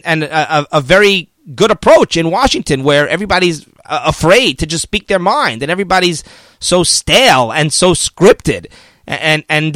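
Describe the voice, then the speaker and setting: Male political commentator, high voice, argumentative, casual, dry close recording. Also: dry recording. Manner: animated, argumentative, mocking the media in quoted voices.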